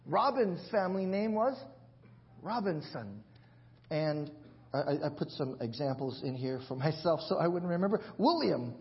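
A man's voice: a little high, lively intonation, normal speed, dull audio. A male pastor giving a conversational sermon, asking the congregation questions and joking about himself. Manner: jokes and laughs at himself. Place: church.

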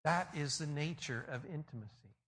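A male pastor preaching a sermon, telling the story in an animated way and swinging between loud peaks and quiet passages. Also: on the high side, moderate pace.

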